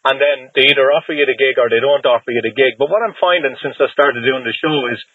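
A man's voice: mid-range voice, quick pace, slightly rough, no echo. A man hosting a casual interview, asking questions in a friendly, conversational way. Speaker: interview host. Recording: tinny phone line.

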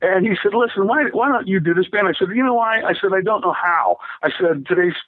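A man's voice: high-pitched, expressive, quick pace, dry recording. An older man telling rambling stories as a musician being interviewed, laughing often and restarting his sentences. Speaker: rock drummer interviewee. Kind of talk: casual storytelling interview. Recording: tinny dry phone line.

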